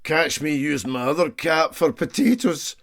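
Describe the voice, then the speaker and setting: A man's voice: on the high side, lively intonation, normal speed, vocal fry, fairly bright tone, pitched above the performer's own voice. A man voicing a breezy, affable male ship's cook with a Scottish accent, talking in a raised voice. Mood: scoffing.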